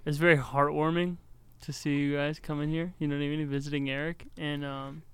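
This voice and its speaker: A young man from Michigan co-hosting a casual interview, easygoing and quick to laugh. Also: on the high side, flat delivery, fairly bright tone, clear, resonant tone. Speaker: co-host interviewer.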